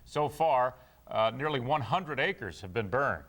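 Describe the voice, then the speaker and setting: A man's voice: medium pitch, a little slow. Male local TV news anchor. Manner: steady, plain anchor delivery. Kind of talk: TV news reading.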